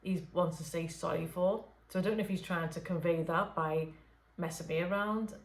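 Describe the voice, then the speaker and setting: A woman channels spirits in an off-the-cuff late-night session, speaking softly and hesitantly with frequent fillers and restarts. Her voice is on the low side with a steady tone at normal speed, in an echoey room.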